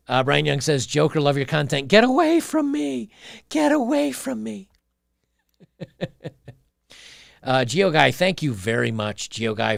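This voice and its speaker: Male streamer, gravelly voice, opinionated rants between clips, dry close sound. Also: medium pitch, fairly bright tone, dry recording. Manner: opinionated, ranting, reads chat aloud. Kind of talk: casual livestream commentary.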